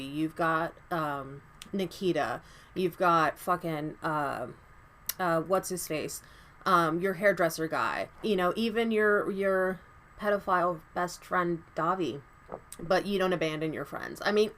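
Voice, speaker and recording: A woman's voice: on the low side, sharp tone. A woman vlogger delivering a heated, profane commentary rant with angry emphasis.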